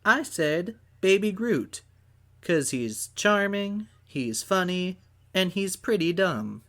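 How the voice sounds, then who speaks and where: A man hosting a casual film podcast, talking in a relaxed, rambling way with plenty of ums. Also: high voice, slow. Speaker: podcast host.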